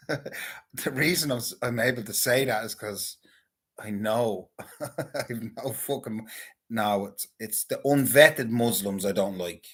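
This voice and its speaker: A man's voice: on the low side, slow, long pauses, a bit bright, breathy edge. A man in a casual, rambling monologue, talking crudely and swearing often. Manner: crude, profane, rambling banter. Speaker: vlogger.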